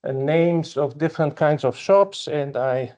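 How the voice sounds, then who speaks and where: A man giving an academic conference talk, speaking as a with frequent fillers and pauses. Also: fairly high pitch, a little mellow. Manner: slow, halting, with many fillers. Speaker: conference presenter.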